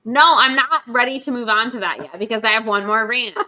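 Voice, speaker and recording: Young woman podcast co-host, bright and punchy delivery, emphatic rants with casual swearing. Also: fairly high pitch, brisk. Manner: emphatic, animated, swears freely. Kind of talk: casual ranting chat.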